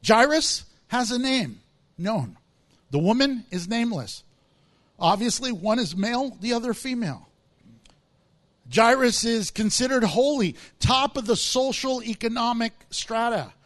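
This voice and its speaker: High-voiced man preaching a lively sermon. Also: a little slow. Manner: animated, acts out voices of people in the story. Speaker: pastor.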